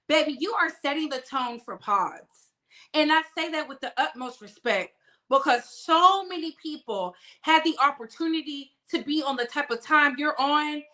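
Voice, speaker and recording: Young female gossip host: sassy and emphatic, high register, drags out key words. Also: bright, forceful tone. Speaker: celebrity gossip channel host. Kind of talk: casual gossip commentary.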